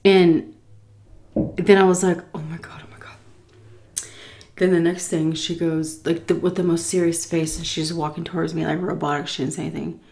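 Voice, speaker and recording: A woman in her thirties from the United States, casually telling an animated story while eating, often laughing and acting out voices. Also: fairly low pitch, moderate pace, creaky. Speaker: food vlogger telling a story.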